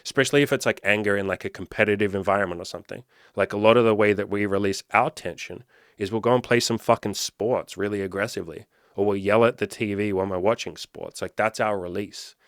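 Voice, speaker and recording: A man's voice: fairly low pitch, quick pace, dry recording, studio quality. A young adult man coaching casually, blunt and full of swearing and "like" fillers. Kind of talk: casual advice monologue.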